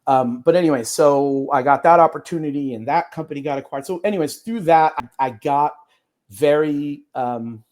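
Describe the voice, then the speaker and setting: A man's voice: a little high, moderate pace, a little mellow. A man, an attorney guest on an interview podcast, talking casually in a rambling way with many fillers and restarts.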